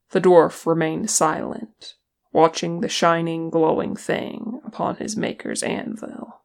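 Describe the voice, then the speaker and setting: A reader narrating a fan fiction audiobook with steady, even storytelling. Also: medium pitch, slow, creaky.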